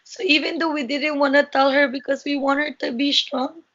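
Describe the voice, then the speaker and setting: A woman in an interview, giving an earnest, emotional account in a halting way. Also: high voice, fairly even intonation, fairly bright tone. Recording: muffled lo-fi recording.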